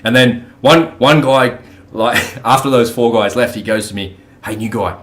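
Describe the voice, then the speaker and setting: A man's voice: mid-range voice, normal speed, a bit bright. Blunt man with coarse storytelling. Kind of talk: casual conversation.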